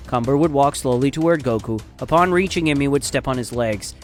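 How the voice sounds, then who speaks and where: A man narrating a fan story in a steady, dramatic storytelling style. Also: medium pitch, brisk, soft background music.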